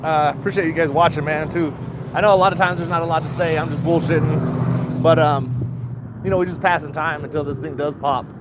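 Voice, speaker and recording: A man's voice: a little high, fairly even intonation, fairly quick, heavy background noise. A middle-aged man chatting casually to viewers, laid-back and rambling, laughing often. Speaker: stock vlogger. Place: around his retail shop and car.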